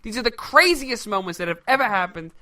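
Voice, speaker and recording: A man with a Brooklyn accent co-hosting a casual political talk show, opinionated and joking. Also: high voice. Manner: animated, opinionated, quick to joke. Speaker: co-host.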